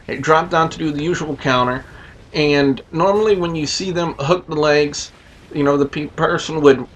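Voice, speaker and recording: A man's voice: a little high, a little hiss or hum. Man giving a rambling wrestling review. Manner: rambling, with frequent "uh" and "you know". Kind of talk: casual spoken review with scores.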